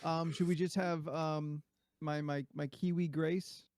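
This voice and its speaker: Gravelly-voiced man in casual podcast chat. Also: a little high, flat delivery, unhurried, a little mellow, dry recording. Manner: hesitant, full of ums. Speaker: podcast co-host.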